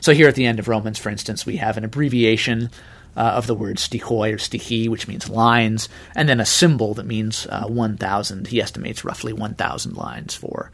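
A man speaking as a scholar guest, explaining in a measured way with many hesitations and fillers. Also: fairly low pitch, gravelly, a bit bright. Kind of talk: interview explanation.

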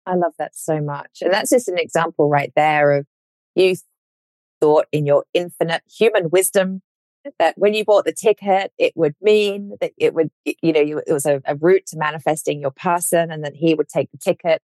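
Female coach and author, low voice, dry recording, warm-hearted encouraging advice in casual talk. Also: normal speed, dry recording. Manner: encouraging, reflective, animated in bursts. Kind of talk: casual podcast conversation.

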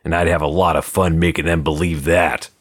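A man's voice: low voice, flat delivery, a little fast. A man voicing a hard, wary male gangster on the run, in clipped, guarded tough-guy talk. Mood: grim. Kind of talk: audiobook character voice.

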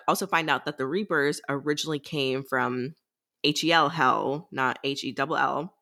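Low-pitched and fairly bright, this young woman's voice carries her podcast co-hosting duties on a book show. She goes over the story in a chatty way, performing characters' lines in different voices and breaking into laughs.

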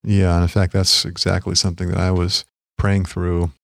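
A middle-aged man with a very low, gravelly voice speaks gently and deliberately, like a pastor sharing counsel. He is recorded close to the mic in a dry, dead room. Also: monotone, dry recording. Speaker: podcast co-host. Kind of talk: reflective Christian podcast conversation.

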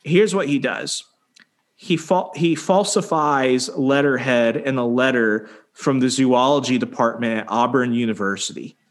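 A young man casually telling a story, swearing freely and acting out quotes with animated delivery. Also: medium pitch. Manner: profane, animated, acts out quotes.

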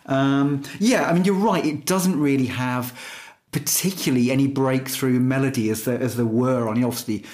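A man co-hosting a music podcast, talking in a thoughtful, loosely hesitant way with frequent pauses. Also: mid-range voice, a little mellow. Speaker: podcast co-host. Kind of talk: casual music chat.

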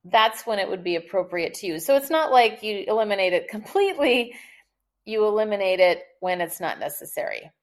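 A woman communication expert, a podcast guest, who explains tips in a lively, chatty way and laughs often. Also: medium pitch, a little fast. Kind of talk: conversational podcast interview.

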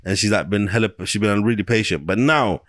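A young man in his twenties with a London accent, co-hosting a casual podcast chat and telling animated, slangy stories. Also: lowish voice, a little fast, dry recording, studio quality. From England. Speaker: podcast co-host.

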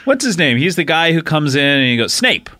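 A man's voice: fairly high pitch, big pitch swings, brisk, bright, forceful tone, no echo, studio quality. A man co-hosting a podcast, chatting in casual comedic banter, playful and teasing, laughing often. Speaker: podcast co-host.

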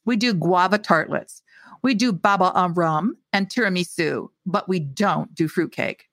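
A woman's voice: on the low side, a little slow, a bit bright, no echo. Fussy, bored caterer man read by a woman; dry close sound, storybook reading. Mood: prissy. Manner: bored, prissy.

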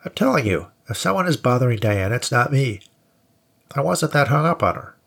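A cornered, evasive man who whines and protests, as a male narrator puts him on. The voice is pitched a little above the reader's low, gravelly register and keeps a husky grain. It is an audiobook character voice. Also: very animated, moderate pace, fairly bright tone, full character voice. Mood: defensive.

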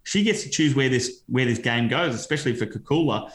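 A man's voice: medium pitch, a little fast, echoey room. A man co-hosting a casual recap podcast, steadily explaining details. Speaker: podcast co-host.

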